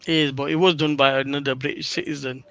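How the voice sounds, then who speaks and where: A man's voice: on the high side, little pitch movement, fast talker, creaky, a bit bright, no echo, highs cut off, faint music behind. A man in a heated live podcast panel debate, arguing and cutting in on others. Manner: argumentative, interrupting.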